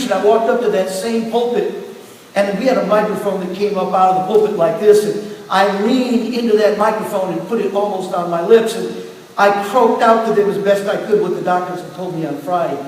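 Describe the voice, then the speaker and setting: A middle-aged man pastor preaching a sermon with personal testimony, telling his story in turns quiet and emphatic. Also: high voice, brisk. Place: church sanctuary. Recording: echoey hall from far off, faint hiss.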